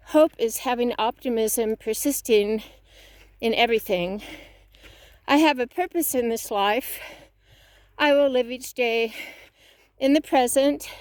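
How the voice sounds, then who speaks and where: Woman vlogging on a walk, kinda breathless, earnest and preachy, higher voice, dry close sound. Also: slow, pauses often, dry recording. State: slightly out of breath. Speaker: fitness vlogger. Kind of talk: motivational talk while walking. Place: outdoors.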